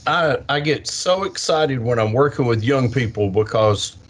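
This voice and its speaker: An older man, a science educator, answering interview questions with lively storytelling and acted-out kids' voices. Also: medium pitch, normal speed, breathy edge. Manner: animated, acts out kids' voices. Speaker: science educator with a portable planetarium.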